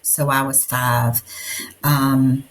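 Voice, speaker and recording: Middle-aged lady podcaster, low voice, rambly casual storytelling, lots of likes and you knows. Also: level tone, extremely slow. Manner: rambling, storytelling with many fillers. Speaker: podcast co-host. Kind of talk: casual chat.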